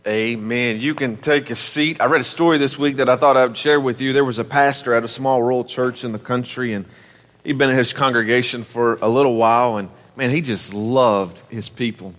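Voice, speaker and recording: A man's voice: medium pitch, fairly even intonation, a little fast, fairly bright tone. A man preaching a folksy, joking sermon to his church. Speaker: pastor. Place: large church sanctuary. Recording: echoey church hall.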